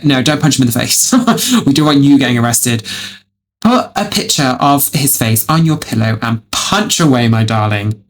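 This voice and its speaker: A man with a gravelly, creaky voice reacts to online stories as a video host. He is dramatic and swears freely, and he calls the listener darling over and over. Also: mid-range voice, lively intonation, moderate pace.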